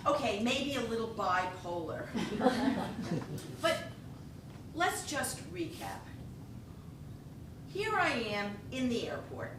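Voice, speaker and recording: A woman tells a funny story live on stage, her high voice leaping all over the place while she drags out her words. She laughs often as she talks. She sounds far from the mic in a very echoey hall, with a low rumble of noise underneath. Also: sing-song, slow pace, long pauses.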